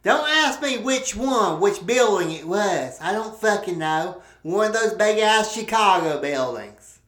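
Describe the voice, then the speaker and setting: Woman, comic podcast host, profane rambling storytelling, unhurried, echoey room. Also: mid-range voice, expressive, a bit bright. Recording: roomy echo.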